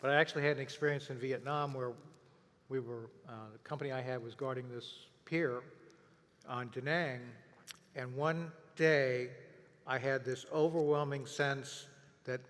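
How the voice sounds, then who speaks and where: An older male historian asking questions and sharing memories in a halting way, often trailing off with fillers. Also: medium pitch, fairly even intonation, a bit bright. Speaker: historian, interviewer. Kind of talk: interview conversation. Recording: long reverb of a hall.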